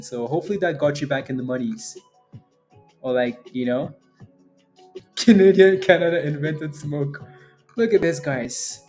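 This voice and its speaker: A man with a fairly high voice, hosting a stock trading livestream in a loose, joking way and laughing a lot. Faint music plays underneath him. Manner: joking, animated, laughs often. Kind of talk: casual livestream chat.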